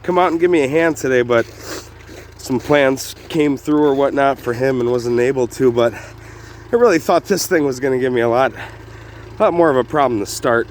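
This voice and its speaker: Young man, casual vlog talk, rambling pauses, mid-pitched, outdoors, faint engine noise. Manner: relaxed, rambling with frequent "uh" pauses. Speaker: homestead vlogger. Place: outdoors on a snowy rural property. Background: idling engine.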